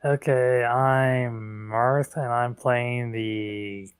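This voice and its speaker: Very slow-talking, smooth-voiced male player. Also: medium pitch, steady tone, no room sound. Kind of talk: casual tabletop game chat.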